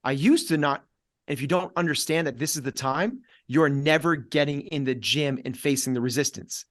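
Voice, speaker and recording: Energetic middle-aged coach, dry close sound. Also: male voice, a little high, normal speed, no room sound. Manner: energetic, acts out inner voices in quoted asides; repetitive, punchy coaching delivery. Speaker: fitness coach, podcast guest. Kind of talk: podcast conversation.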